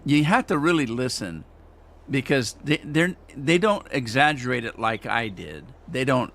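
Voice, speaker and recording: A man's voice: mid-range voice, expressive, unhurried, a bit bright. A man chatting casually as he plays a farming game on a live stream, rambling and teasing himself as he goes. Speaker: gaming streamer. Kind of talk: casual gameplay commentary.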